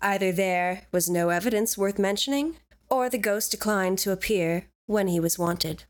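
A woman's voice: medium pitch, normal speed, lightly acted. A woman reading as a valley-girl Victorian priest. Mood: earnest. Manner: breezy valley-girl reading of old formal prose. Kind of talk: dramatic reading of quotes on a podcast.

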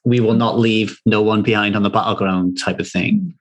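A man hosts a casual podcast conversation in a fairly low voice. He speaks in a thoughtful, measured way, working through his ideas as he talks. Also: steady tone. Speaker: podcast host.

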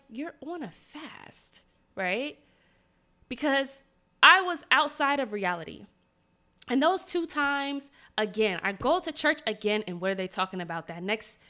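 A woman hosting a podcast, with a mid-range voice, casually tells a personal story. She's animated and dramatic, speaking directly to her listeners.

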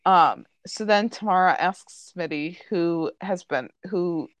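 A woman's voice: fairly low pitch, slow pace, dry recording, highs cut off. A woman hosting a casual podcast chat, recapping a TV episode and peppering her talk with "like" and "um". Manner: chatty, full of "like" and "um" fillers. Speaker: podcast host.

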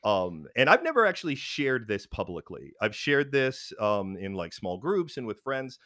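Brief: low-voiced man, frank rambling storyteller, dry close sound, lots of ums. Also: sing-song, moderate pace, fairly bright tone, no room sound. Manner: rambling, frank, many fillers and restarts. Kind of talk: casual chat, personal storytelling.

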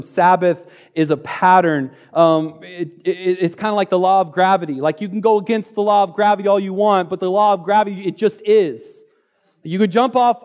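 A man preaching a sermon on a church stage, playful and energetic, joking and repeating key phrases. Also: high-pitched. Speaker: pastor.

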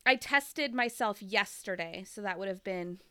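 Speaking a little slowly, this woman in her thirties has a medium-pitched, bright, forceful, clean voice with lively intonation, though she's congested from a cold. As a podcast co-host she chats casually, telling long rambling stories and laughing frequently.

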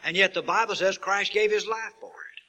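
A man preaching a sermon who builds to emphatic peaks and asks rhetorical questions, stretching out key words slowly. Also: high-pitched, pushed and bright, muffled recording. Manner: slow drawn-out stresses on key words.

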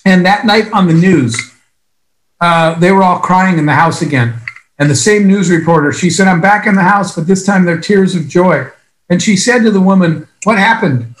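Male motivational speaker, earnest and emphatic, higher voice, roomy reverb. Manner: earnest, emphatic storytelling with long pauses. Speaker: speaker at a business event. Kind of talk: motivational speech.

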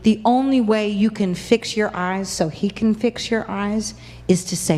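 A woman preacher giving an impassioned sermon, acting out quoted voices with big swings in pitch. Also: measured pace, a little mellow, big-room sound. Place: church.

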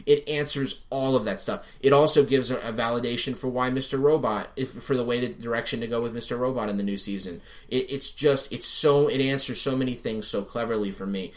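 A man co-hosting a podcast, chatting casually and excitedly, swearing freely and acting out his own reactions. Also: mid-range voice, brisk, few pauses. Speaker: podcast co-host. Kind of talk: casual chat reviewing a TV show.

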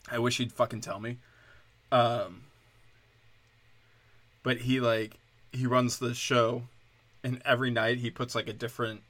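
A man's voice: medium pitch, pushed and bright, no room sound. A male comedian ranting sarcastically, crude and full of curses. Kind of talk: profane comedic rant.

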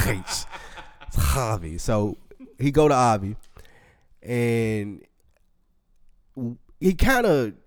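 A man's voice: mid-range voice, very animated, extremely slow, pauses often, no room sound. A man co-hosting a casual show recap, laid-back and slangy, retelling scenes with quoted lines. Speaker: podcast co-host.

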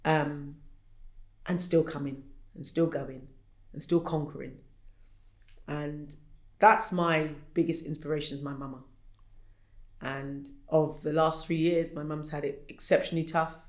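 A woman's voice: deep voice, fairly even intonation, unhurried, long pauses. A middle-aged woman, an Olympic athlete, telling stories animatedly as an interview guest and acting out quoted voices. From United Kingdom. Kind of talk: conversational interview. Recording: roomy echo.

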